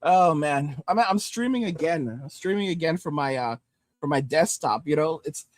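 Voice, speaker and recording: A man's voice: a little high, lively intonation, normal speed, dry recording. A man hosting a livestream, ranting bluntly and with heavy swearing, then reading out and answering viewer comments from his home desktop setup on a studio microphone. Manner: blunt, heavily profane, heated. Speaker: livestream host.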